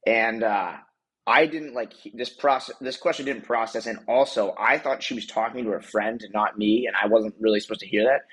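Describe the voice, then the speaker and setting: A man's voice: fairly low pitch, moderate pace, a bit bright, husky, rough recording. A young man co-hosting a podcast, telling a rambling, self-correcting story in casual chat and laughing at himself. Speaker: podcast co-host.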